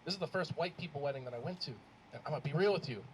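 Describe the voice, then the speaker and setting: High-voiced rambling stand-up comedian, man. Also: racing. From Arab American. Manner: rambling, animated, lots of fillers. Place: comedy club stage, live audience. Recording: live club mic with faint crowd noise.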